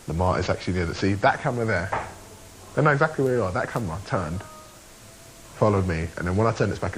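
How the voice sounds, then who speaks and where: A young man chatting playfully through a video diary, showing places and dropping to hushed asides. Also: on the low side, a little hiss or hum, low-quality recording. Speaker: reality show contestant.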